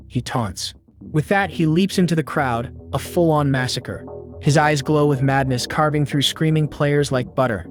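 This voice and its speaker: A male recap narrator reads a scripted story, dropping slangy, punchy quips between the beats. His voice sits fairly high for a man. Soft music plays underneath. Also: normal speed. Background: faint background music.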